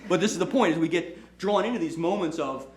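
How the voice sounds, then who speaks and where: Fast-talking man in an echoey room. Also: high voice. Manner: animated storytelling, repeats "right?", acts out quotes. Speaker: lawyer and firm owner hosting a talk. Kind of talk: casual motivational talk.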